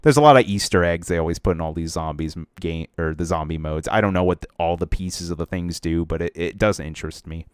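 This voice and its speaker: A man's voice: deep voice, fast, hardly any pauses, clear, resonant tone, dry recording, studio quality. A young man co-hosting a casual podcast about video games, rambling with lots of fillers and restarts. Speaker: podcast co-host.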